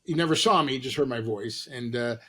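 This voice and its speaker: A middle-aged man from Los Angeles, an actor and comedian, telling animated stories in an interview and acting out the people he quotes. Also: mid-range voice, brisk, slightly rough. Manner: animated anecdotes with acted-out quotes. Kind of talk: storytelling interview.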